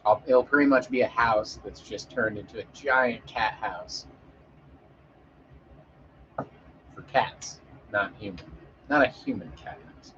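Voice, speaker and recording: A man's voice: lowish voice, slow, long pauses, fairly bright tone, dull audio, a little hiss or hum. A man chatting casually with an audience as a streamer, rambling and joking with frequent swearing and fillers.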